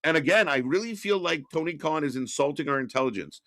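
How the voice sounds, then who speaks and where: A man from Canada with a mid-pitched voice that swings widely as he rants and swears. He laughs easily, and his voice is recorded close and dry, with no room sound. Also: dry recording. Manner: animated, swearing, quick to laugh. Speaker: co-host. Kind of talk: casual live reaction chat.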